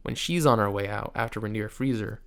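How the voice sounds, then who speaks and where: A man's voice: on the low side, quick pace, gravelly, clear, resonant tone. A young man hosting a casual reaction video, joking and laughing often as he comments.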